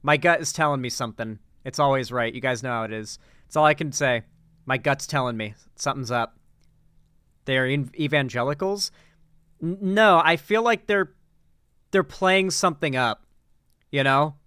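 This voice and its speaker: A man's voice: mid-range voice, normal speed, pauses often, pushed and bright, smooth, dry recording, studio quality. A man hosting casual political reaction commentary, rambling with many fillers, restarts and blunt swearing.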